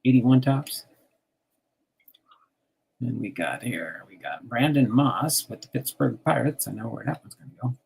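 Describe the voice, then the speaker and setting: Older man from jersey, raspy gravelly voice, chatty and giggly. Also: mid-range voice, expressive, measured pace, long pauses, darkish tone. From New Jersey. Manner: chatty, laughs often, reads out card names. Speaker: host sorting baseball cards on a stream. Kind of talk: casual chat.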